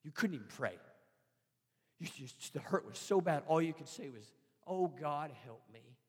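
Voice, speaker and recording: Male pastor, high voice, fervent sermon that swings from shouts to hushed pleas, big reverberant hall. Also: animated, normal speed, slightly rough.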